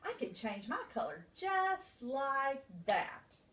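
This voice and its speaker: A woman's voice: sits high, big pitch swings, slow pace, a bit bright, full character voice. A woman voicing a sassy, boastful male cat in a storybook, chanting in a sing-song way. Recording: echoey room, mic far off.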